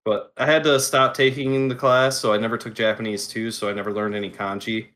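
A man's voice: fairly low pitch, fairly even intonation, a little fast, fairly bright tone. A man in casual chat, talking through his hobby steps while he works. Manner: chatty, explains hobby steps while working.

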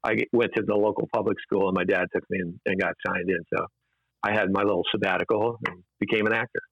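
A man's voice: low voice, steady tone, fast talker, creaky, a bit bright, dry recording. A man, an interview guest, telling rambling anecdotes casually with many fillers and restarts, in a dull, dry lo-fi recording.

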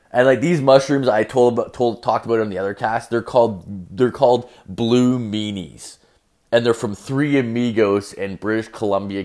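Profane, rambling young man with a lowish voice. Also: a little mellow. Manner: profane, rambling, heavy use of filler "like". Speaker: podcast host. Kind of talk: casual storytelling monologue.

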